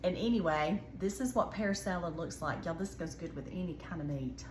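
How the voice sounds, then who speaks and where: A woman's voice: fairly low pitch, brisk, echoey room, noisy background. A woman with a Southern US accent hosting a casual cooking video, chatting to viewers in a folksy way. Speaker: cooking show host.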